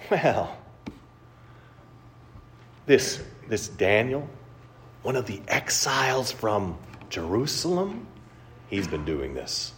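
Lively low-voiced male preacher. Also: takes it slowly, pauses often. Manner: animated storytelling with rhetorical questions. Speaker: pastor. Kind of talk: conversational sermon.

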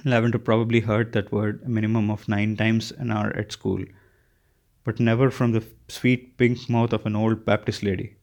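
A man reading a novel aloud as an audiobook narrator, with a steady delivery and occasional slips. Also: fairly low pitch, normal speed. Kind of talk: scripted narration.

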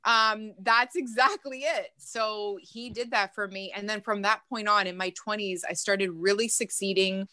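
A woman who is a mindset coach, talking as a guest on a podcast in a lively storytelling way, laughing often. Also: mid-range voice, unhurried, hardly any pauses, no echo. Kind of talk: casual podcast interview.

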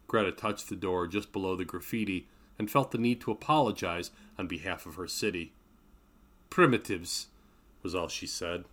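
A man reading his own novel aloud in a measured, steady narration. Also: on the low side. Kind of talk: audiobook narration.

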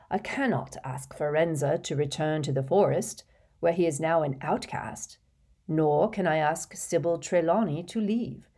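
An elderly male headmaster from a storybook, wise and tired, read by a woman. He speaks slowly and gently in a low, soft voice. Every phrase is measured and patient.

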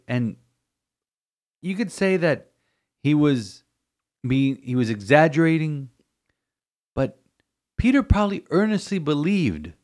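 The man, a priest, has a slightly high voice with a darkish tone. He reflects on scripture for a podcast in homily fashion, speaking emphatically, repeating phrases, and frequently stumbling and restarting.

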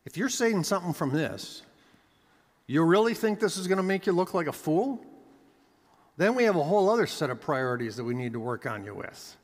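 A man's voice: on the high side, sing-song, a little fast, long reverb tail. A pastor delivering a sermon with emphatic preaching, his voice rising and dropping for effect.

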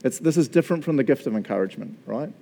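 A man's voice: medium pitch, lively intonation, very fast, gravelly, dark tone, breathy edge. A middle-aged man with a New Zealand accent, preaching a sermon and telling a self-mocking personal story. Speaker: pastor.

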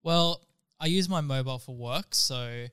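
A man's voice: medium pitch, a little slow, bright, forceful tone, clean tone. A man on a casual podcast, dry and matter-of-fact, answering in short remarks.

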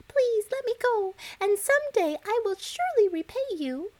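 A woman voicing a timid, tiny female mouse in a storybook reading, in a squeaky high voice. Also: expressive, normal speed, mellow. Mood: pleading.

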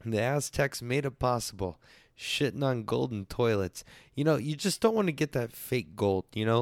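Man, casual stream host, crude rambling jokes, lowish voice, dry sound. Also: darkish tone, no echo. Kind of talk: casual chat.

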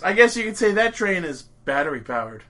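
A man hosting a podcast in casual chat, excitable and swearing often. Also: high-pitched, fairly quick, heavy background noise. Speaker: podcast host.

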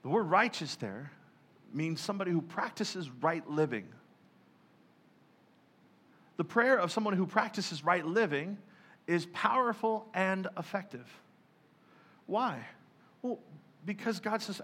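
Bright-voiced male pastor preaching. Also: high-pitched, measured pace, pauses often, breathy edge. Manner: lively, joking, acts out prayers in mock voices. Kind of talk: sermon.

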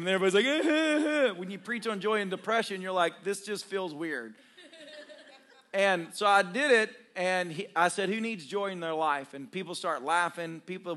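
Male pastor, storytelling sermon, high voice, bright tone, jokey, laughs through his lines, talks to the congregation. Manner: humorous, self-deprecating, laughs often while talking; conversational, addresses congregation directly.

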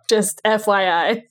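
A woman co-hosting a podcast in a playful, chatty way. She giggles often and gushes over anything cute. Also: mid-range voice. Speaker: podcast co-host. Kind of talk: casual chat.

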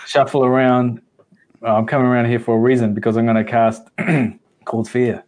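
A young man playing a tabletop game, talking hesitantly with plenty of ums and pauses. He slips in jokes while working out his moves. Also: medium pitch, level tone, darkish tone. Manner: hesitant, full of ums, joking. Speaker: player.

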